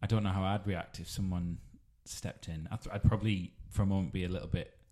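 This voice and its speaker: A man's voice: deep voice, steady tone, brisk, warm tone. A male podcast host chatting casually, reacting to a guest's story and laughing along. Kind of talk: casual chat.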